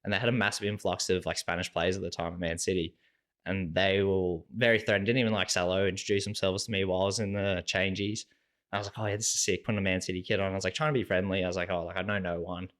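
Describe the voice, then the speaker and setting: Low-pitched and fast, a young Australian man chats casually as a podcast guest. He's a relaxed, animated storyteller who acts out what others said, and "like" appears in almost every sentence he speaks.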